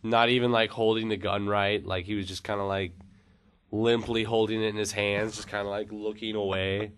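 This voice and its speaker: A man's voice: on the low side, flat delivery, moderate pace, fairly bright tone, clear, resonant tone. A man telling a long funny story on a casual podcast, rambling with many fillers. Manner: rambling, lots of "like" and "uh", laughs at own story.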